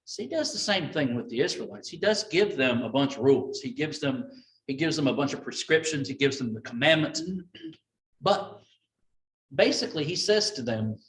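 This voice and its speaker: A man leading a Bible study, folksy and conversational, acting out scripture with lively quoted voices. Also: mid-range voice, normal speed. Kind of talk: informal Bible study teaching. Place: church room with a group. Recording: echoey room, mic at a distance.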